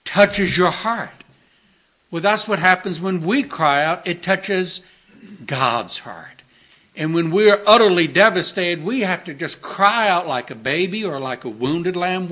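Earnest bright-voiced preacher man. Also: a little high. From Texas. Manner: gentle, earnest storytelling with soft dips and tender emphasis. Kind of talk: sermon.

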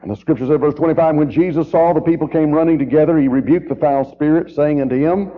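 A fairly high-voiced man preaching a sermon, driving his points home with rhetorical questions and repeated phrases. The sound is thin and boxy, like an old tape played over a phone line. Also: fast talker, few pauses. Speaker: guest preacher. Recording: tinny, narrow-band old tape recording.

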